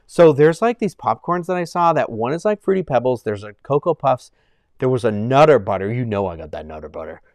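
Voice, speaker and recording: A man's voice: mid-range voice, sing-song, fairly quick, dry recording, clean studio sound. Rambling, heartfelt male live streamer. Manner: rambling and heartfelt, many fillers and restarts. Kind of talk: casual live-stream chat with viewers.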